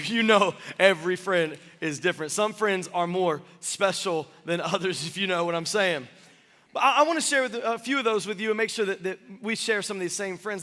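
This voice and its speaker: A man in his thirties preaches to his congregation with bright, high energy, joking and asking the room questions as he goes. His voice sits high and sharp. The sound carries the long reverb of a church hall. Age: 30s. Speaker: pastor. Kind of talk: sermon. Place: church sanctuary.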